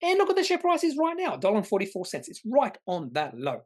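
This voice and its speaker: A man's voice: high voice, wildly swooping pitch, fast. A man, hosting an investing channel and answering viewer comments in a rambling, opinionated way. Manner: rambling, opinionated, self-correcting.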